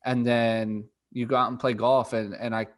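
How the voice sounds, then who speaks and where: A man's voice: medium pitch, flat delivery, moderate pace. Golf podcast co-host, man, casual and chatty, restarts often, laughs easily. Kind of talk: casual chat.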